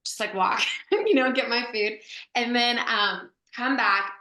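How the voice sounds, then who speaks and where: A woman's voice: fairly high pitch, steady tone, measured pace, pushed and bright, reverberant. A woman actress telling a story as a guest, chatty and full of "like" fillers, laughing as she goes. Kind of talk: animated anecdote storytelling.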